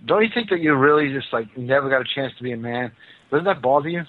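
A man's voice: mid-range voice, animated, fairly quick. A man hosting a call-in talk radio show, blunt and mocking as he lectures the callers. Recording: narrow phone-like radio sound.

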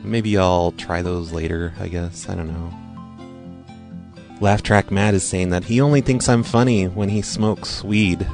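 A man hosting a show, talking in a low-key, rambling way. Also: steady tone, measured pace, a little mellow, faint music behind. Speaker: host. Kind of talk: casual chat.

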